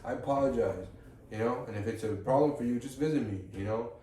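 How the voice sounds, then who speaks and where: A man co-hosting a comedy podcast, joking loosely and breaking into loud silly chants. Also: medium pitch, fast talker, far from the mic. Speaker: podcast co-host. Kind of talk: casual comedic banter. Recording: roomy, off-mic with faint noise.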